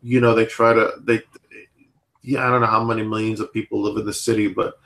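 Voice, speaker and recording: A man in his thirties chatting casually as a podcast host, rambling and filling pauses with "like" and "you know". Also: on the low side, flat delivery, vocal fry, a bit bright. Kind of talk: casual chat.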